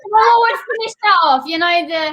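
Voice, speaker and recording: A woman's voice: extremely high pitch, animated, brisk, a bit bright, low-quality recording. A woman co-hosting a football fan show, chatting casually and giggling as she shares her screen on a video call. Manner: giggly, chatty, talks through screen-sharing. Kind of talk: casual chat.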